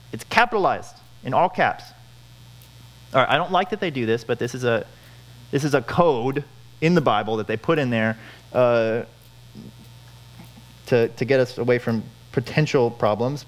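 Guy preaching, earnest, says stuff twice to drive it home, mid-pitched voice. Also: poor audio. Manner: earnest, repeats phrases for emphasis. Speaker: pastor. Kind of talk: sermon.

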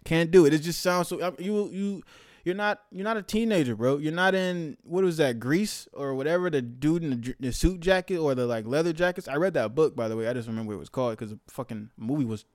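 Young male podcast host, raised pitch and a clean, resonant tone; loose, slang-heavy, animated solo rant. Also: brisk. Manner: slangy, profane, animated rants. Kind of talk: casual monologue.

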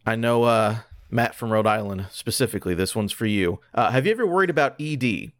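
A man co-hosting a comedy podcast, reading silly sponsor spots with a straight face. His voice sits in a middle pitch and sounds close and dry, with no room around it. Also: brisk, no echo. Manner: dry, deadpan delivery of absurd sponsor copy. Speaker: podcast co-host. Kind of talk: comedic podcast banter, deadpan ad reads.

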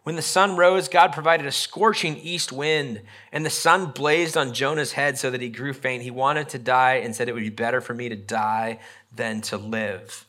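A pastor gives a conversational sermon in a medium-pitched, steady voice that's pushed and bright, at a moderate pace. He reads scripture aloud with emphasis and acts out Bible figures and a parent from the story.

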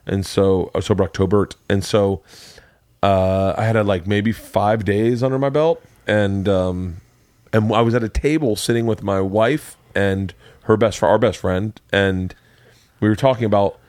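A man hosting a podcast, telling stories in a loose, animated way and laughing often. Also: fairly low pitch, measured pace, dry recording. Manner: animated storyteller, laughs often, does loud voices in quotes. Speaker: podcast host. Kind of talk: casual chat. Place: home studio man cave.

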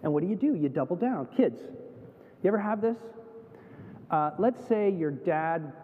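A Canadian pastor with a high-pitched voice delivers a sermon at a moderate pace, bringing his stories to life by acting out the voices of the people in them. The recording sounds tinny, like a phone, and echoes around a reverberant hall.

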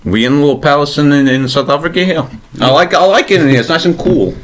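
A man's voice: on the high side, fast talker. A man co-hosting a comedy podcast, rambling and laughing in an improvised bit. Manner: laughing a lot, playing a rambling detective. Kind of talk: improvised comedy role-play.

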